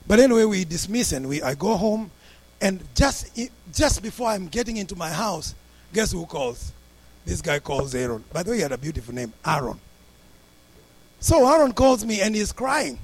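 High-voiced pastor telling an animated story. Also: male voice, moderate pace. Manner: animated, acts out the people in his story with big swings in pitch and loudness. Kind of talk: storytelling sermon.

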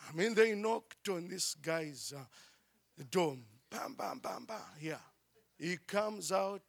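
A man preaching and telling a story in an animated way, often using "you know" and "I mean". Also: high-pitched, slow pace, creaky. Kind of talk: sermon storytelling.

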